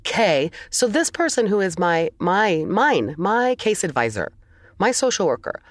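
A woman's voice: medium pitch, big pitch swings, measured pace, dry recording. A woman co-hosting a casual chat, telling a long exasperated story with sighs and the odd swear.

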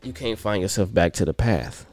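Man in his thirties, mid voice, dry close sound, animated, slangy casual chat with faint music. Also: lowish voice, moderate pace, dry recording. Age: 30s. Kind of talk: casual conversation.

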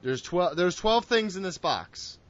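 A man hosting a casual wrestling podcast, loud and excitable, with swearing banter. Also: high voice, a little slow, no room sound. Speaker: podcast host. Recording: dull lo-fi audio.

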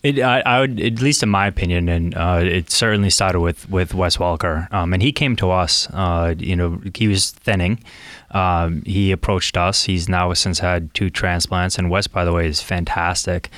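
A man's voice: low-pitched, steady tone, normal speed, a bit bright, dry recording. A man guesting on a talk show about his clinic, speaking hesitantly with many restarts. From Boston area. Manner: hesitant, repeats words. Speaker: hair transplant practice owner, guest. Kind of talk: casual interview talk.

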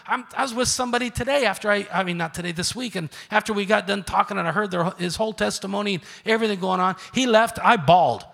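A middle-aged man preaches with emphatic force, dropping to quiet asides and then rising to shouts. His voice is bright and sits a little high for a man. The sound carries a long reverb from a large church sanctuary. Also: fast, gravelly, few pauses. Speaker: pastor. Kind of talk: sermon.

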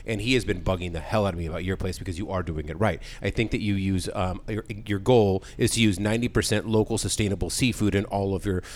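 A man's voice: quick pace, few pauses. A man hosting a podcast in casual chat, telling stories animatedly and acting out quotes in a raised voice. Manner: animated storyteller, acts out quotes in a high voice. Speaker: podcast host.

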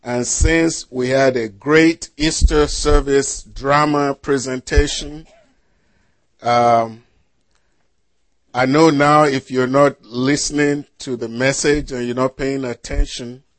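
With fairly even intonation and a mid-range voice, a man preaching as pastor reads scripture and quizzes his listeners. His delivery is slow and deliberate, full of rhetorical questions for the congregation, and there's no room sound.

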